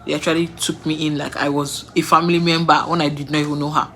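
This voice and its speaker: Young adult, Nigerian accent, casual storytelling, emphatic repetition, mid-range pitch, faint background noise. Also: little pitch movement, quick pace, fairly bright tone. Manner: repetitive and emphatic, restarts often, laughs between sentences. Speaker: vlogger.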